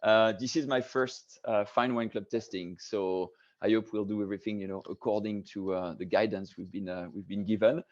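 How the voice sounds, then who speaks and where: A man's voice: fairly low pitch, steady tone, moderate pace, a little mellow. Hesitant man hosting a video-call wine tasting. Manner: hesitant, many fillers and restarts. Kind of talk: casual hosted tasting talk. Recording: dull lo-fi video call audio.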